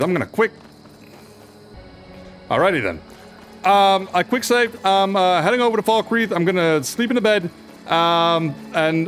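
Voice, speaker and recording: A man commentating his own gameplay in a casual, profane and excitable way, reacting aloud to the game. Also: high-pitched. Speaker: gaming video host. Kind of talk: casual let's play commentary.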